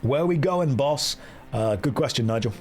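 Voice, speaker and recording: A man's voice: mid-range voice, lively intonation, moderate pace, darkish tone, faint music behind. A man chatting on a live game stream in a joking, self-mocking way. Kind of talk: casual live-stream chat.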